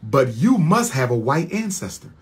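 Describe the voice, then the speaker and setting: Fiery husky-voiced man ranting. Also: big pitch swings, normal speed. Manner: repetitive, preacher-like cadence, swings from low mutters to high shouted questions. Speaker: host of his own channel. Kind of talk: heated monologue rant.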